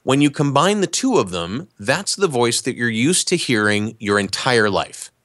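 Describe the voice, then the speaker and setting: A man, an actor and voice talent, explaining in a relaxed, conversational way during a podcast interview. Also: mid-range voice, normal speed, no room sound, studio quality. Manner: relaxed, explanatory, animated asides.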